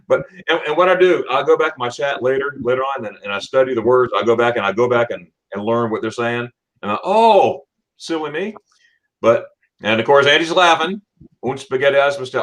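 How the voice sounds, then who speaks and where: A man hosts a casual live-stream chat for his channel, stammering over his words, repeating himself and laughing often. His voice is medium in pitch with a fairly bright tone, and the recording is rough.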